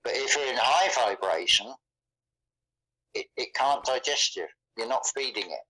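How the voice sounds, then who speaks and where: A man in casual conversation, speaking haltingly and often repeating words as he thinks. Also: mid-range voice, expressive, sharp tone, slightly rough, low-quality recording. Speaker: guest.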